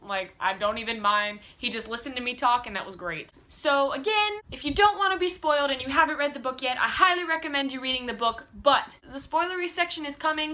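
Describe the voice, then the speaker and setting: A young woman casually reviewing a book from her room, gushing and rambling with lots of "like" and quick restarts. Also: sits high, pushed and bright. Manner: bubbly, gushing, filler-heavy with lots of "like".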